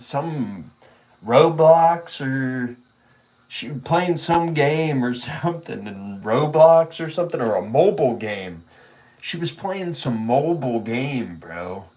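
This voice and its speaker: A man's voice: medium pitch, expressive, a little slow, darkish tone. A man talking casually on his stream, telling a rambling story in a laid-back way, full of profanity and chuckles. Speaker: vlogger. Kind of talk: casual chat.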